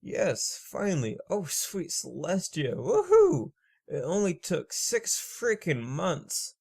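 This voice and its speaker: A man voicing a brash, laid-back young female vampire pony, speaking in a low-key way. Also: normal speed, gravelly, a little mellow. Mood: giddy.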